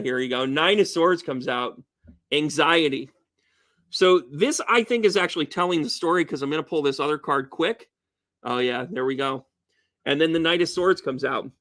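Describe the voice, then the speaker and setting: A man with a high voice talks his way through a casual tarot reading. He is exuberant and joking, and he swears bluntly and casually. His delivery is loose and chatty. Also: fairly bright tone. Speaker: tarot reader.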